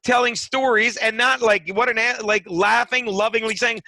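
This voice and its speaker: Man, comedian guest, high bright voice, sarcastic storytelling, dry close sound. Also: fairly even intonation, fairly quick, few pauses, no echo. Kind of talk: casual podcast banter.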